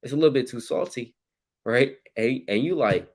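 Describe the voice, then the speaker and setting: A man teaching scripture in casual slang, acting out scenes with sudden loud shouts. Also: mid-range voice, expressive, slow, creaky, long pauses.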